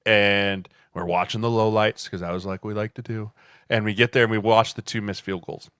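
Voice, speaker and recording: A man's voice: fairly low pitch, steady tone, normal speed, a bit bright, clean tone, dry recording, studio quality. A man co-hosting a podcast, a former offensive lineman ranting in an exasperated way. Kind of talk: casual chat.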